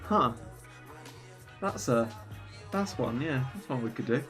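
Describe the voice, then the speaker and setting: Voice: mid-range voice, animated, slow, pauses often, fairly bright tone, slightly rough, soft background music. A streamer chatting casually and rambling while playing a game and reading chat aloud.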